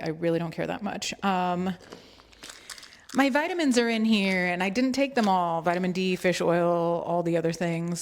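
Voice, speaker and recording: Chatty woman vlogger, slightly low voice. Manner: playful and chatty, with joking asides. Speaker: beauty and travel vlogger. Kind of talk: casual chatty product walkthrough.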